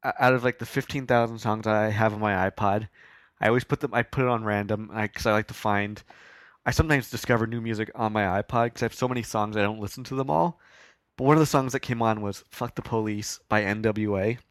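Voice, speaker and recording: A man's voice: lowish voice, steady tone, fast, no room sound. A man with a Canadian accent hosting a podcast, chatting casually and rambling about songs with self-mocking asides. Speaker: podcast host.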